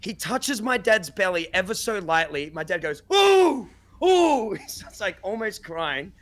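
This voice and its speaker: A young man tells a story in a loose, animated way, acting out quotes and swearing freely. His voice sits a little high, with a very bright, forward tone. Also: moderate pace. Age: young adult. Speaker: podcast guest. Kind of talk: casual chat, storytelling.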